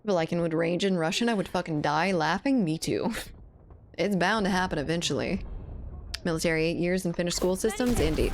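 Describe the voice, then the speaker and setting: A woman's voice: fairly low pitch, brisk, slight background noise. An American woman streaming a game, chatting casually with viewers, laughing often and swearing now and then. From United States. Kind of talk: casual gaming stream chat.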